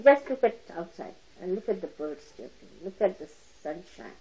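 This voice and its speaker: An older woman giving a spiritual talk to followers, animated and laughing, mimicking people as she speaks. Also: on the high side, muffled recording. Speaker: spiritual teacher. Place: lecture hall.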